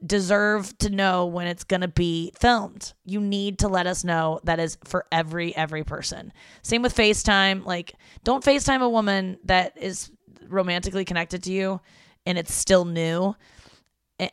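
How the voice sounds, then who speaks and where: A woman's voice: medium pitch, fairly bright tone, clean tone, no room sound, studio quality. A young woman hosting a podcast from home, rambling in a casual, irritated monologue and swearing freely. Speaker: podcast host.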